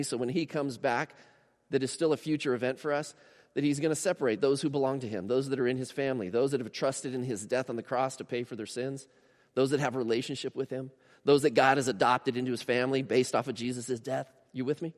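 A man's voice: mid-range voice, steady tone, fast, in a large hall. A man preaching a conversational sermon in a church, with emphatic rises and questions put to the congregation. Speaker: pastor.

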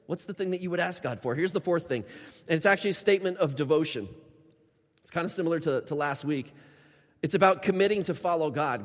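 A man's voice: fairly high pitch, expressive, fast. A man preaching a sermon as a pastor, emphatic and acting out prayers in a lifted voice. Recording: reverberant hall sound.

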